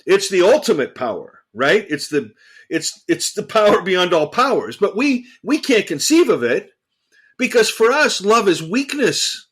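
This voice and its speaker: A man co-hosting a casual theological discussion, talking in an animated, emphatic way and repeating phrases for emphasis. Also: sits high, a little slow, husky. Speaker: podcast co-host.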